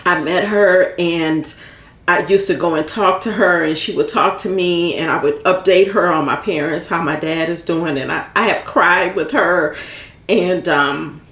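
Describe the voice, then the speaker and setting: A woman talks straight to her viewers with casual, heartfelt advice. Her voice sits a little low, and she rambles and circles back over her points. The room around her is echoey. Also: a little slow, a bit bright. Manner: heartfelt, rambling, repeats herself, gets emotional. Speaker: vlogger giving end-of-life planning tips. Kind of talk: casual advice talk to camera.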